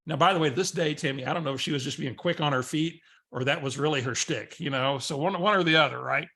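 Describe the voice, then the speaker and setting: A man's voice: fairly high pitch, fast talker, hardly any pauses, bright, forceful tone. A man co-hosting a coaching webinar, talking conversationally and acting out bits of dialogue as he tells a story. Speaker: real estate coach, co-host.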